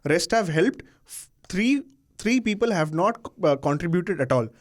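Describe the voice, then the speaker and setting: Animated Indian man in a cricket debate. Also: high-pitched, a little slow. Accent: Indian English. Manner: animated, interrupting, argumentative. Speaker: cricket panelist. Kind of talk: casual debate.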